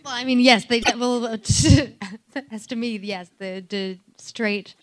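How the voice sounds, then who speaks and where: A woman's voice: on the high side, slow pace, noisy background. French-accented woman, hesitant panel guest. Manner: hesitant, many fillers and restarts. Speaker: voice actor guest on a live panel. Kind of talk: casual panel Q&A.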